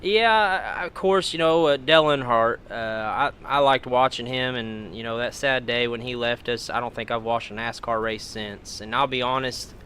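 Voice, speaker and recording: A young Kentucky man with a bright, forward voice who rambles through a story in an easygoing interview. He leans on fillers and chuckles between lines, in an accent from his home state. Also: medium pitch, normal speed, hardly any pauses, a little hiss or hum. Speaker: guest, demolition derby driver.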